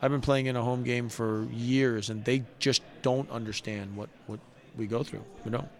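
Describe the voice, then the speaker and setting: Speaking at an ordinary pace with a medium pitch, a middle-aged man recounts personal experiences as a guest on a show, where he's known as a poker player. The storytelling is conversational, sincere and lively, full of frequent restarts.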